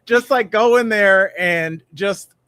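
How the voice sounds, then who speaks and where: A man's voice: high-pitched, takes it slowly, a bit bright, smooth, no room sound. Rambling jokey male podcast co-host. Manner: rambling, jokey, mimics tough guys. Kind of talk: casual comedic news chat.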